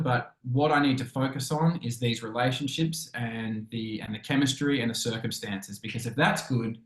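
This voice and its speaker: An Australian man, an actor appearing as an interview guest, tells stories in a chatty, rambling way, loaded with fillers and acted-out quotes. His voice sits in the mid-range, and the recording has an echoey room sound.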